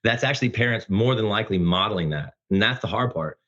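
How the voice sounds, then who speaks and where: A man speaking as a podcast guest, talking about fatherhood in an earnest, emphatic, loud-voiced way. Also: on the low side, expressive, fast talker, muffled recording. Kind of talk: casual interview conversation.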